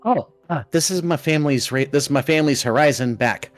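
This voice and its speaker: A man's voice: brisk, lightly acted. A man voicing a small, bossy girl goblin soldier who loves giving orders. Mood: eager. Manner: squeaky, shouty, eager to command. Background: faint ambient music.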